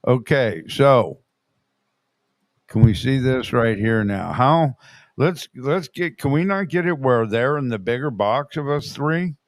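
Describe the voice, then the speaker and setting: A man's voice: mid-range voice, expressive, a little slow, no echo. Man hosting a chat, dry close sound. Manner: short agreeing replies, steers the talk. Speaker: host. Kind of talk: casual commentary chat.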